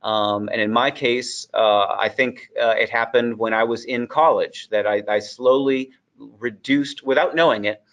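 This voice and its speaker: A man from the Boston area giving a lecture on English usage to English teachers. He speaks American English with faint Boston traces, thinking aloud with many ums and uhs and slowing down on key terms. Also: medium pitch, steady tone, fairly bright tone, dull audio. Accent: General American, faint Boston traces. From Boston area, United States.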